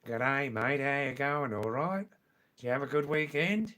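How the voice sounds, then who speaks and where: A man's voice: medium pitch, lively intonation, close to an everyday voice. A man putting on a cheery, overfamiliar Australian bloke, bantering heartily. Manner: hearty, fast repeated banter.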